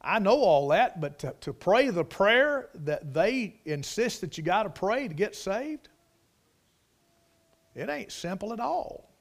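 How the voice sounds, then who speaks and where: A man's voice: sits high, big pitch swings, slow, gravelly. A middle-aged man preaching a sermon in a folksy manner, swelling into emphatic bursts. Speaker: preacher, Bible college teacher.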